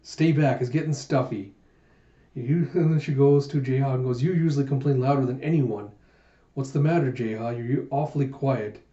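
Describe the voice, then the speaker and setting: A man doing an animated manga readthrough, narrating the panels and reading the characters' lines aloud with playful voices. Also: medium pitch, moderate pace. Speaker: manga reviewer. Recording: muffled lo-fi echoey room.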